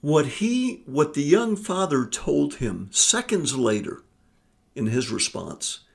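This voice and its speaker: A man's voice: on the high side, big pitch swings, slow. A man telling a story in a casual, earnest vlog monologue, with frequent fillers and restarts. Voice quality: gravelly. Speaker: vlogger on forgiveness.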